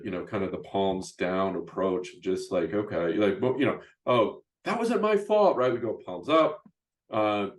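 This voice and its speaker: A middle-aged man hosting a podcast interview, chatting casually with many restarts and "you know, right?" asides. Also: fairly low pitch. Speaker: podcast host and youth basketball coach.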